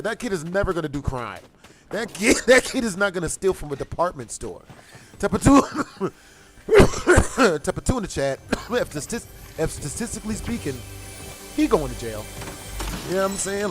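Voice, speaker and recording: A man streaming a game and telling a profane, slangy story in casual chat, laughing and coughing often. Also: high-pitched. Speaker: gaming streamer.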